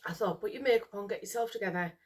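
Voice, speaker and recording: A woman's voice: medium pitch, rapid-fire, a little hiss or hum. A middle-aged British woman vlogging to camera, overwhelmed and emotional after crying all morning, sighing and repeating herself. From United Kingdom. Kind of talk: casual chat to camera.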